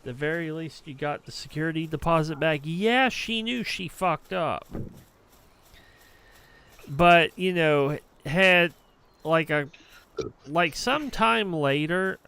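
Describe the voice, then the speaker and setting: A man's voice: on the high side, sharp tone, clean tone. A young adult man streamer casually telling a rambling, profane story on a livestream. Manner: rambling, profane, heated anecdote.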